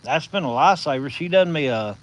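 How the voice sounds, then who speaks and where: A man with a Southern US accent hosting a casual live stream from his phone, telling stories in a folksy, drawn-out way. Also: a little high, expressive, rough recording. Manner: folksy, drawn-out storytelling with chuckles.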